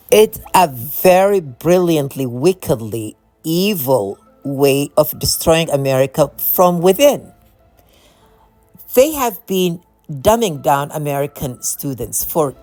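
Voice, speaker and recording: Low-pitched woman, impassioned monologue, repetitive, faint music behind. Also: darkish tone. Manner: impassioned, repetitive, with frequent restarts. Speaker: video creator. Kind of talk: monologue to camera.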